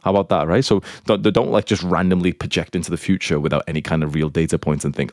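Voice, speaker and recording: A man's voice: low-pitched, quick pace, few pauses, a little mellow, no echo, studio quality. A man giving casual dating advice in a blunt, crude, profane lecturing manner, answering questions. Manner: lecturing, instructive.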